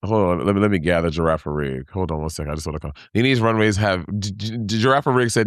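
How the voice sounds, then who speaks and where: A man in a casual podcast chat who acts out scenes, laughing and jumping into squeaky voices. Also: fairly quick, few pauses, dry recording, clean studio sound. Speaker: podcast co-host.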